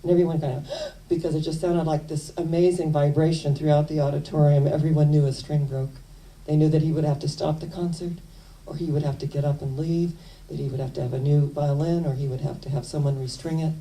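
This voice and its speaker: Woman minister, sermon, earnest storytelling, mellow voice, distant mic. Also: low-pitched, level tone, brisk. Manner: earnest storytelling, soft asides.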